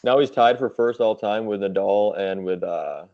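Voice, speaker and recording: A man chatting casually on a podcast, relaxed and rambling, with lots of fillers. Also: fairly low pitch, moderate pace, muffled recording. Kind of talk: casual chat.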